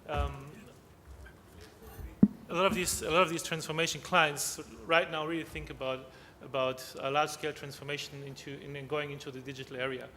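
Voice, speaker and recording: A man giving a conference presentation, halting, with frequent restarts and tag questions. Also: fairly high pitch, level tone, sharp tone. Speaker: conference speaker. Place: conference hall. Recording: long hall reverb, faint noise.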